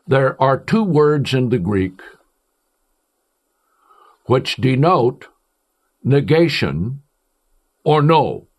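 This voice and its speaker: An emphatic male preacher delivering a sermon. His pitch rises and falls a great deal as he declaims, and his delivery is slow and deliberate overall. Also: very animated.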